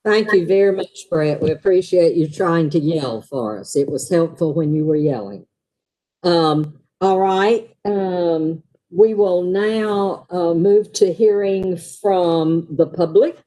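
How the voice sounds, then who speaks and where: Woman running a public meeting, really slow and mellow, moving things along. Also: fairly low pitch, poor audio. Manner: slow, procedural. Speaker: meeting chair.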